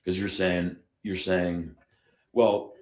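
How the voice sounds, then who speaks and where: A man with a very deep, low voice, talking in a recorded conversation. He repeats words and restarts as he works out how to phrase his point. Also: measured pace. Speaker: participant in a recorded discussion. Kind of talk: conversational discussion.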